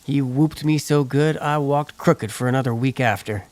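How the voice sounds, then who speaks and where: A man's voice: mid-range voice, normal speed, a little mellow, dry recording, voice pushed up, lightly acted. A man voicing Tony, a rowdy young outlaw cowboy with a telling a boastful tall tale in an audiobook. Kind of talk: audiobook character voice.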